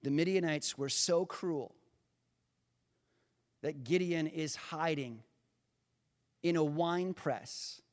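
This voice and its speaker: A male pastor preaching a sermon, speaking directly to his congregation and building to impassioned, near-shouted emphasis. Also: on the high side, slow pace, long pauses. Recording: long hall reverb.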